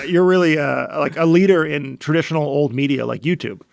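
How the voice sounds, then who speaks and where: A man's voice: a little high, a little fast, creaky, a little mellow. A man guesting on a podcast as a chef, talking casually in a rambling way full of fillers and restarts. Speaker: guest chef and cookbook author.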